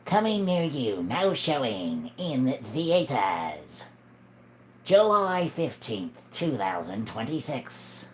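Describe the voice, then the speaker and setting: A woman's voice: extremely low pitch, big pitch swings, takes it slowly, slight background noise. A woman joking on a livestream, announcing things in a mock movie-trailer voice.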